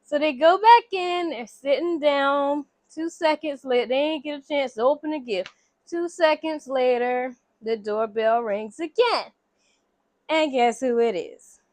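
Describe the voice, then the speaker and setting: High-voiced woman casually retelling a story. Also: a little slow, dry recording. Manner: animated, acts out characters' lines with voices. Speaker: vlogger recapping a movie. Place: home room near a window.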